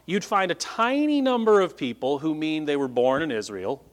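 A pastor giving a conversational Bible-teaching sermon to a congregation, explaining points and checking in with listeners by asking "right?" and "okay?". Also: male voice, a little high, lively intonation, normal speed. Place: church meeting room with a congregation.

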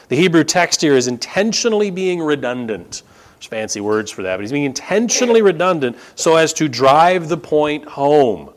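A man's voice: fairly high pitch, expressive, fairly quick. A male pastor preaching a sermon, emphatic and repeating key phrases for stress.

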